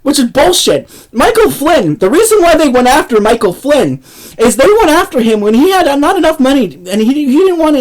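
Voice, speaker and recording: A political vlogger with a somewhat high voice rants angrily about politics on a low-quality recording. She is heated and profane, swearing constantly.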